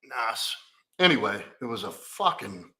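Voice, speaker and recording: Guy coaching on a live q&a, bright voice, rambling and swearing a lot as he tells his story. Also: on the low side, big pitch swings, normal speed. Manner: candid, profane, rambling storytelling.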